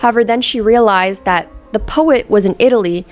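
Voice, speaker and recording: A young woman in her twenties recaps a film in a loose, chatty way. She swears freely and tosses in joking asides. Her voice sits a little on the high side. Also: brisk, soft background music. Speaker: vlogger. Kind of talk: casual movie recap commentary.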